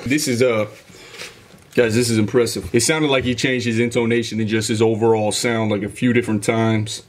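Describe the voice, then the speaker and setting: A man's voice: medium pitch, steady tone, brisk, slight background noise. A man hosting a music reaction video, talking casually and enthusiastically as he breaks down the rhythm and delivery aloud. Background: music playing behind.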